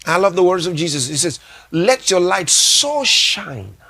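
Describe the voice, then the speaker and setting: Slow, deliberate preaching pastor, man. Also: sits high, sing-song, gravelly, pushed and bright. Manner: emphatic preaching, repeating key phrases; reads scripture aloud slowly. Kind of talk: sermon.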